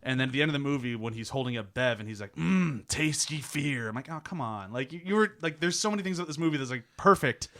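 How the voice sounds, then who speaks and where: Bright, quick-talking opinionated man. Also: mid-range voice. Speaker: podcast host. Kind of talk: casual movie discussion.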